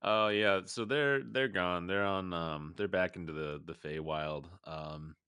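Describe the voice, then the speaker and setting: A man's voice: low-pitched, unhurried, pushed and bright, clear, resonant tone, no echo, studio quality. A man playing in a tabletop game, talking casually and rambling a bit. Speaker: player.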